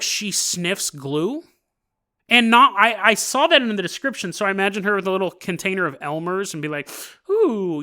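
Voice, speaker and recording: A man hosting a podcast, telling a story casually with joking asides and quick laughs. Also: sits high, bright, forceful tone, clear, resonant tone. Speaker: podcast host.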